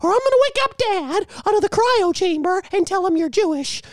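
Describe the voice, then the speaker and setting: A man voicing a scheming, bullying cartoon mouse boss in a high squeaky falsetto with little yelps. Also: animated, brisk, no room sound, clean studio sound. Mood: scheming glee. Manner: gleeful, bullying, threatening.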